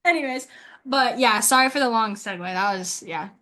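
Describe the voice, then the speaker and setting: A teenage girl with a bright, high voice chats loosely as a podcast co-host. She fills her talk with filler words and giggles and rambles through her stories. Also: normal speed. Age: teens. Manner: chatty, many filler words and frequent laughs. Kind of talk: casual storytelling.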